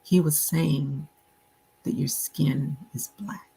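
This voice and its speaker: Middle-aged woman, guest author; husky, measured storyteller. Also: low voice, fairly even intonation, warm tone, poor audio. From Buffalo, New York. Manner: measured, reflective, many ums. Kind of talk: interview storytelling.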